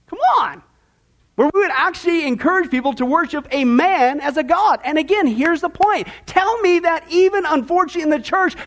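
A man's voice: extremely high pitch, a bit bright. A man preaching about Bible prophecy in a sermon style, emphatic and sarcastic, calling his listeners folks.

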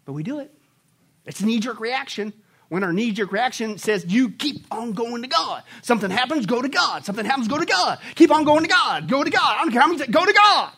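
Lively high-voiced male preacher. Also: quick pace, husky. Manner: animated, rhetorical questions, mock voices. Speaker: pastor. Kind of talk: sermon.

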